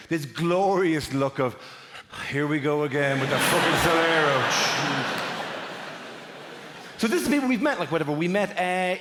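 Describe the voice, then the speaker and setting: A man with an Irish accent doing an animated stand-up routine with crowd work on a theatre stage. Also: a little high. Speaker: stand-up comedian. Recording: echoey theatre with audience noise.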